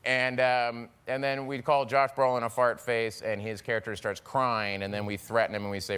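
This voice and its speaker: A man, a talk show guest, telling animated anecdotes with frequent laughter in casual chat. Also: medium pitch, moderate pace, hardly any pauses, clean tone. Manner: animated storyteller, laughing often, slips into acted voices.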